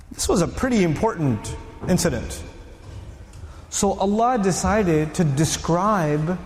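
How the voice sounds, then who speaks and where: A man giving a storytelling religious lecture to a live audience, animated and firing rhetorical questions at the listeners. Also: high-pitched, echoey room, big-room sound. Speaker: Islamic lecturer.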